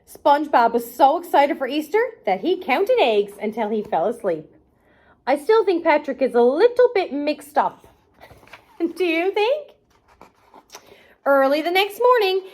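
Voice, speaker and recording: A woman's voice: high-pitched, sing-song, measured pace. A woman hosting a children's arts and crafts show, reading a storybook aloud in a playful, sing-song way and talking to the kids directly.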